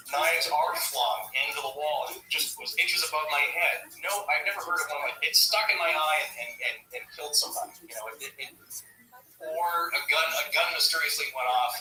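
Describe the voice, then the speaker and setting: A man's voice: medium pitch, bright, forceful tone, roomy sound, recorded from a distance, rough recording. A man hosting a podcast in casual chat, rambling with many restarts. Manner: rambling, full of fillers and restarts. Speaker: podcast host.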